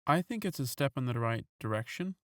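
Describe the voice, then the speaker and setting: Playful co-host, dry close sound. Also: male voice, medium pitch, animated, fairly quick, a bit bright, no echo. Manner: playful, teasing. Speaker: podcast co-host. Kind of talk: casual podcast banter.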